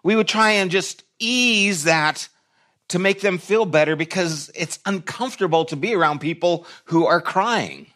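A man's voice: high-pitched, a little slow, bright, forceful tone. A man preaching a sermon in a church, reflective and conversational, with short restarts. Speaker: pastor.

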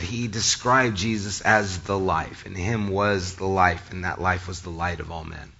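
Bright-voiced male pastor, slightly hoarse. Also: on the low side, muffled recording. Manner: conversational, addresses the congregation directly. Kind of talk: sermon.

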